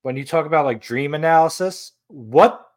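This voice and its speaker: A man's voice: fairly high pitch, moderate pace. A young man co-hosting a podcast, telling a long rambling story in casual chat. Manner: rambling storyteller, acts out voices in his tales. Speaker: podcast co-host.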